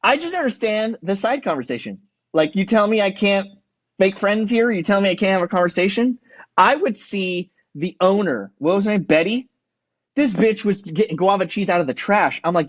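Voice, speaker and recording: A man's voice: high-pitched, animated, normal speed, no room sound, dull audio. A man who is a firefighter and EMT, a podcast guest telling rowdy, profane stories in casual chat and acting out what people said. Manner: profane, rowdy storytelling with acted-out quotes.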